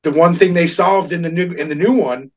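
A man in casual pop-culture chat, opinionated and animated, laughing often as he makes his points. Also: a little high, fairly quick, far from the mic, highs cut off.

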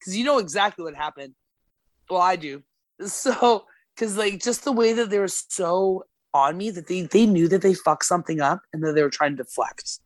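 A woman with a lowish voice tells a story on a casual podcast as a guest, swearing plenty and acting out quoted lines. The podcast studio sound has no echo.

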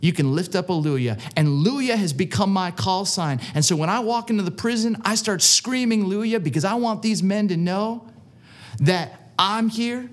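A bold older pastor in his sixties, full of joy, belting out loud repeated praise, as a preacher puts him on. His voice rides high and bright while he shouts, then settles into earnest conviction. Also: animated, normal speed. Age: 60s. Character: exuberant older male pastor, bold and joyful. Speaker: prison pastor.

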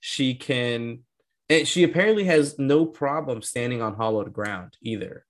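A man co-hosting a casual movie discussion podcast, animated and laughing often as he acts out scenes. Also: medium pitch, measured pace. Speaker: podcast co-host.

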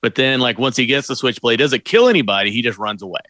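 A man's voice: mid-range voice, lively intonation, fast talker, pushed and bright, no room sound. A man in a casual podcast chat about a movie, speaking enthusiastically and gushing about favorite scenes. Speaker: podcast co-host. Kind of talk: casual film discussion.

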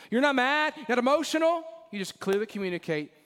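Speaking very fast in a very high voice, this forties-aged pastor delivers a sermon full of animated, laughing stories. He shifts between booming emphasis and hushed sincerity while the church sanctuary rings with long reverb.

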